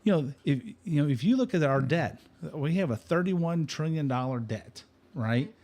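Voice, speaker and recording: A man's voice: on the high side, expressive, normal speed, darkish tone. A man talking politics and economics in a casual discussion, rambling with many restarts and fillers.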